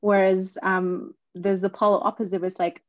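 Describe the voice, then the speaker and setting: A woman's voice: medium pitch, little pitch movement, moderate pace, dry recording, muffled recording. A woman hosting a discussion, thoughtfully working toward a long question with frequent fillers. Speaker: podcast host. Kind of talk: conversational discussion.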